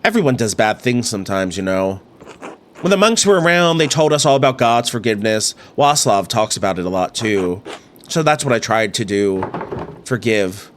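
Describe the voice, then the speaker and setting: A man's voice: lowish voice, lively intonation, moderate pace, slight background noise, close to an everyday voice. A man voicing an earnest young villager. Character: young village innkeeper's son, earnest and kind.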